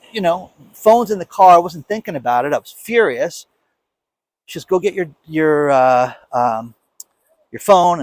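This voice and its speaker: A man's voice: on the high side, no echo. A man in his fifties, hosting a casual monologue, telling a story with emphatic, indignant energy and acting out quoted lines. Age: 50s. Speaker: show host.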